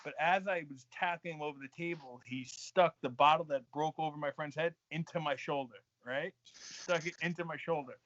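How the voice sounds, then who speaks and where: A man spins a wild story on a podcast, profane and animated, laughing along. His voice is bright and forceful and sits a little high. The sound is dry and dull, like lo-fi podcast audio. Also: normal speed, hardly any pauses, no echo. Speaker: guest, fighter.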